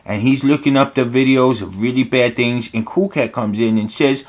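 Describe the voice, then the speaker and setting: A man at home talks through his sketches in a mock-earnest, deadpan ramble, full of ums and restarts. His voice sits at an ordinary middle pitch. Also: normal speed. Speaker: host of an art commentary video. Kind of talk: mock-earnest comedic commentary.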